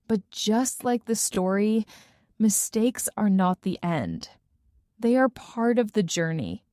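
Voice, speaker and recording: Woman narrator for learner stories: slow, lively intonation, clear delivery. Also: medium pitch, dry recording, studio quality. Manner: clear, carefully paced, expressive. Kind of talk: slow scripted storybook narration.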